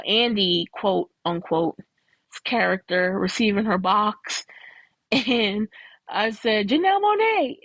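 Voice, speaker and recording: A woman's voice: no room sound, poor audio. Chatty woman, dry close sound. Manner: chatty and candid, with frequent laughs and jumps to high pitch. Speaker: host reviewing a film. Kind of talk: casual chat.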